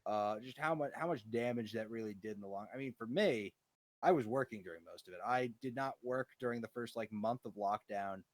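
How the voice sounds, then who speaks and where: A young man chats casually and rambles through profane anecdotes, swinging from loud to mumbled. His voice sits at an ordinary pitch and is recorded dry and close. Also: a little fast, dry recording. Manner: profane, rambling, animated storytelling. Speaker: co-host. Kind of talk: casual chat.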